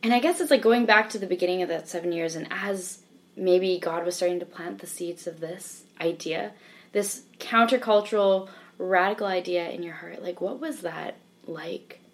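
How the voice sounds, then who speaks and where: A woman's voice: on the low side, moderate pace. A woman hosting a faith interview, asking searching questions thoughtfully with "like" fillers. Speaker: podcast host. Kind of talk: conversational interview.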